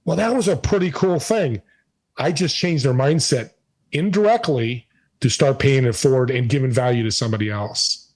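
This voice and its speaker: A man's voice: medium pitch, moderate pace, darkish tone, poor audio. A man being interviewed, telling stories with emphatic energy. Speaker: podcast host and guest. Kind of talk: casual interview storytelling.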